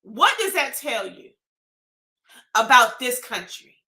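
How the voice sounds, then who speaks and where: Woman vlogger, high bright voice, impassioned pleading rant, echoey room. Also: big pitch swings, slow. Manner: pleading, emotional, rising to shouts. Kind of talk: impassioned personal rant to camera.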